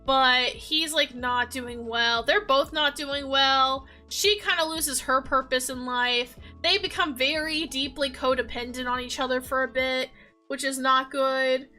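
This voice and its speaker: An animated young woman talks casually about a story, emotional and quick to laugh. Her voice is high and bright. Faint music plays behind her. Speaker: video creator. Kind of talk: casual chat.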